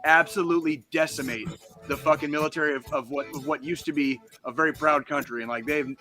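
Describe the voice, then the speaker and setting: Man, podcast co-host, bright forceful tone, fast swearing rants, music faint behind. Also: a little high, steady tone. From United States. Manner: profane, heated ranting. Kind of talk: casual podcast chat.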